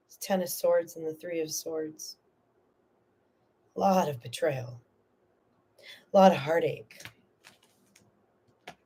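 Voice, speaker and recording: A woman's voice: mid-range voice, a little mellow. Emotional woman giving a live tarot reading. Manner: earnest, emotional, soothing, with casual swearing. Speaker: tarot reader and host.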